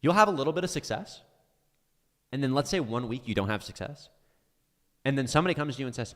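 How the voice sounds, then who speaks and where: Man, trading mentor, heated profane live-stream rant, stumbling restarts, swooping animated pitch, long reverb trailing his words. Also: fast talker, long pauses. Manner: intense and profane, swearing often, stumbling over restarts.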